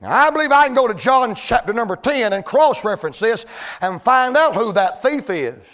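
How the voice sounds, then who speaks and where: A pastor preaches in a high, ringing voice. He tells folksy stories, then climbs into shouted lines, stretching out key words. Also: lively intonation, fairly quick. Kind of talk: sermon.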